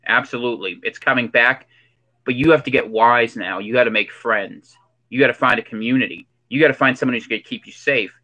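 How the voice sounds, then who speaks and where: A man's voice: medium pitch, fairly quick, sharp tone, lo-fi sound. A man doing a preachy conspiracy theorist. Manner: ominous, preachy rhetorical questions. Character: preachy male conspiracy theorist in hoodie and sunglasses. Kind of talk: comedic character monologue.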